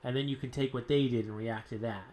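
A man talks loosely about playing tabletop role-playing games, circling back on himself with fillers. His voice sits at an ordinary middle pitch. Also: steady tone, quick pace, dark tone. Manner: rambling, full of "like" and restarts. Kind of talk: casual podcast chat.

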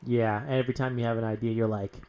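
Young dude cohosting, laughs a lot, swears kinda casually, just chatting about games. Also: male voice, mid-range voice, level tone, fast, mellow. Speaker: podcast co-host.

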